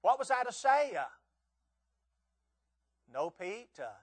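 A man's voice: very high voice, big pitch swings, slow pace. A man preaching a revival sermon, telling stories and acting out quoted voices with emphatic rises and drops. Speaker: visiting preacher.

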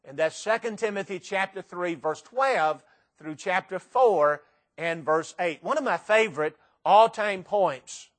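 Male preacher, high voice, dramatic sermon, questions the room. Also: expressive, normal speed. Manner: dramatic recitation with sudden loud and soft swings; rhetorical questions to the congregation.

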